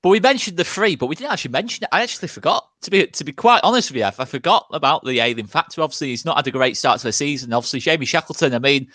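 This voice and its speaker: A man's voice: on the high side, animated, rapid-fire, hardly any pauses, sharp tone. A man hosting a casual football fan chat, asking long, rambling questions full of restarts. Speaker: fan channel host.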